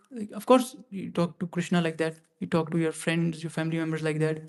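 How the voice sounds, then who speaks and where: Guy teaching a temple scripture class, kinda high voice, chatty, keeps repeating himself. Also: level tone, fairly quick, hardly any pauses, darkish tone. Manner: conversational, restarts and repeats phrases. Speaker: class speaker.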